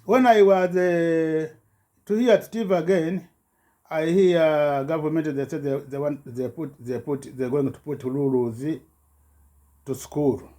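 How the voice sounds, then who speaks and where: A man giving a rambling personal account in halting broken English, full of restarts and repetitions, his voice jumping up when he gets agitated. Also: a little high, fairly even intonation, mellow. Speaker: self-recorded complainant.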